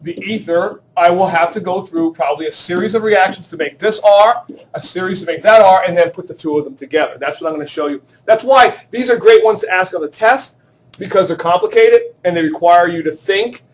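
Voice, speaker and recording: A man's voice: sits high, brisk, slight background noise. A male chemistry teacher lecturing a class in a classroom, joking and quizzing students as he works through problems. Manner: joking, self-deprecating, asks the class questions.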